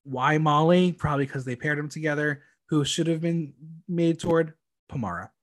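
Fairly high in pitch and at a moderate pace, a young man recaps a reality show's episodes on his podcast. The casual chat comes across as campy and chatty, with frequent ums.

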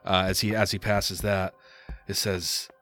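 A man's voice: sits low, little pitch movement, unhurried, bright, forceful tone. A man narrating as game master of a tabletop game, casually and with many fillers.

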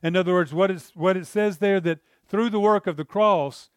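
A middle-aged man preaching in a relaxed, earnest, conversational way, stumbling and repeating words as he builds his points. His voice sits a little high for a man and sounds clear and resonant. The sound is dry and close, with no room around it. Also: normal speed, no room sound. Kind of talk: sermon.

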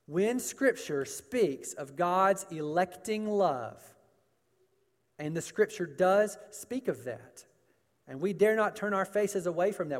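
A male pastor preaching slowly and deliberately, his fairly high voice leaning on each phrase and asking questions of the room. His words ring out with a long echo from a large church hall. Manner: emphatic preaching, rhetorical questions, repeated phrases. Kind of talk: sermon.

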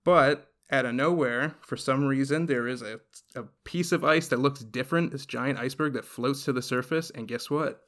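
A man's voice: mid-range voice, normal speed, fairly bright tone. A man casually retelling a show's story on a podcast, rambling with lots of fillers. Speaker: podcast host recapping a show. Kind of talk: casual chat.

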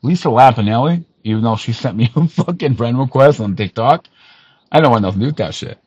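A man hosting a podcast, ranting in an angry callout with lots of swearing, missing some teeth, swinging from loud outbursts to low muttering. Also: expressive, fast, slightly rough, dry recording, dull audio. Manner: profane, heated, swings from shouting to low muttering. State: missing teeth, awaiting dental work. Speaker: podcast host.

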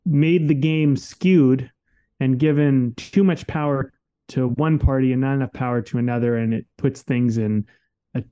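A man's voice: mid-range voice, fairly even intonation, normal speed, dark tone, clean tone, dull audio. A man co-hosting a podcast in casual conversation, talking candidly and emphatically and swearing freely. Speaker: podcast co-host.

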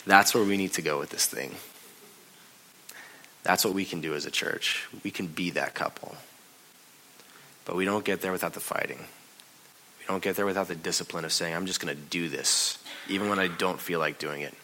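Bright-voiced man preaching a sermon. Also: low voice, steady tone, normal speed, pauses often, slight background noise, rough recording. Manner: conversational preaching, confessional, swinging from hushed to loud storytelling. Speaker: pastor.

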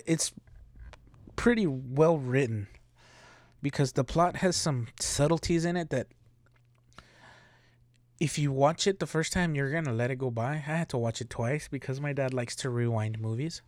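A man's voice: mid-range voice, a little mellow, no echo. A man hosting a podcast alone, rambling casually with heavy swearing and frequent laughter. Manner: rambling, profane, laughing often. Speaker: podcast host. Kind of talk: casual solo commentary.

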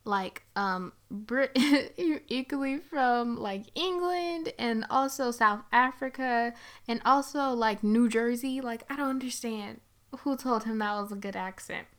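A woman's voice: on the high side, a little slow. A young woman giving a casual movie review, chatty and sarcastic, with frequent giggles and rambling asides.

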